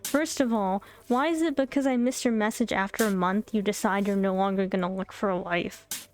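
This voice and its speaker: A young adult woman streamer telling a story in casual chat, animated and chatty, laughing often and bursting into exasperated disbelief. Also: medium pitch, normal speed, faint music behind. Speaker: VTuber streamer. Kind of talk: casual storytime chat while playing a game.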